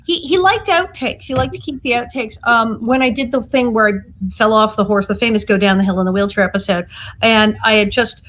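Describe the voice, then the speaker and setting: Animated woman telling a story, slightly high. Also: a little fast, slight background noise. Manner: animated storyteller who acts out quotes. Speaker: panel guest, actress. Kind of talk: anecdotal chat. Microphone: video call.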